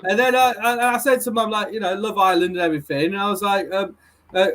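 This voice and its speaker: A man comedian telling a rambling, self-deprecating story in halting bursts. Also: high voice, a bit bright. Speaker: comedian panelist. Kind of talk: comic anecdote on a panel show.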